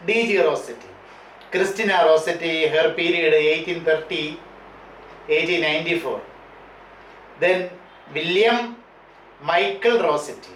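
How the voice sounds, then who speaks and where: A man with an Indian English accent giving a slow classroom lecture, repeating key terms, spelling out words and filling pauses with "uh" and "you know". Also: on the high side, fairly bright tone. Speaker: teacher. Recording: echoey room with faint noise.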